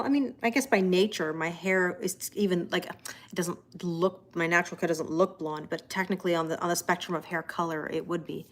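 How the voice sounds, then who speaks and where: A woman's voice: fairly low pitch, a bit bright. A Canadian woman with a Canadian accent, hosting a tarot livestream in casual chat and greeting viewers by name as she reads their comments aloud.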